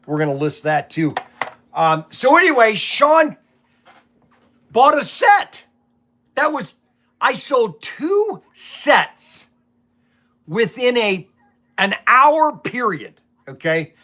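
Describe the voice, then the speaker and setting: A middle-aged man chats about his toy shop, winding through stories and often restarting his sentences. His voice sits high and sounds bright and forward. He acts out his phone calls with customers as he retells them. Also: takes it slowly, pauses often. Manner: rambling, repeats words, animated retelling of phone calls. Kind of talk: casual storytelling vlog.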